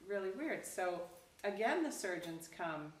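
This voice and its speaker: A woman Zen teacher giving a dharma talk, telling a story casually with lively acted quotes, recorded from a distance in a roomy hall. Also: mid-range voice, a little slow. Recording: roomy, distant, faint background noise.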